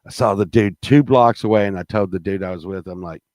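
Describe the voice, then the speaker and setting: A man's voice: low-pitched, a little fast, dry recording, studio quality. A middle-aged man telling a rambling, profane anecdote with plenty of fillers and restarts, growing heated as the story goes on. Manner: grows heated and loud while telling the story. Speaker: storyteller guest.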